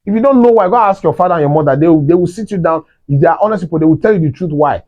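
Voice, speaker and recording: A man giving relationship advice to wives in an animated, scolding way, often jumping up to high exclamations. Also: rapid-fire. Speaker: relationship talk host. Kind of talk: preachy advice talk. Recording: dull lo-fi sound.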